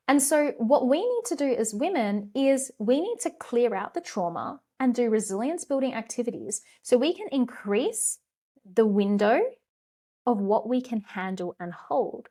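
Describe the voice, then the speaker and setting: A woman's voice: a little high, expressive, measured pace, warm tone. Emphatic, passionate woman podcast host. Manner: candid, swears casually. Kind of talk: motivational solo podcast talk.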